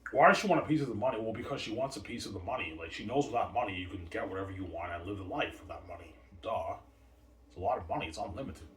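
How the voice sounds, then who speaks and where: A man's voice: lowish voice, fast, fairly bright tone. A man rambling and boasting in a repetitive monologue, recorded in a roomy space far from the mic. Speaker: vlogger. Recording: roomy, distant from mic, faint noise.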